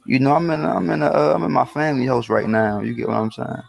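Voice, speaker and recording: A man's voice: medium pitch, steady tone, quick pace, creaky. A man from Baltimore calling in from his family house late at night, insistently quizzing with repeated questions. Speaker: caller. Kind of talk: casual call-in chat.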